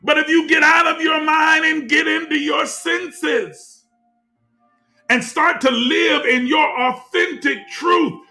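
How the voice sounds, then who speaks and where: High-voiced fervent male preacher, slow and gravelly. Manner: preaching cadence, rising to shouts, repeating phrases. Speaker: teacher of a spiritual group. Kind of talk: fervent spiritual teaching.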